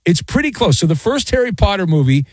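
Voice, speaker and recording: A man's voice: sits high, sing-song, fast talker, a little mellow, no echo. A middle-aged man hosting a late-night sports talk radio show, rambling and joking with self-mocking asides. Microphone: studio microphone.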